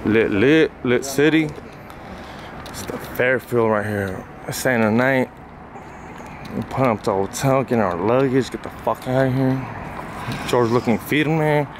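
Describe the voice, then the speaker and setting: A man's voice: medium pitch, unhurried, long pauses. A man hosting a casual road-trip vlog, teasing his friends in a hyped way. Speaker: vlogger, podcast host. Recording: noisy on-the-road ambience.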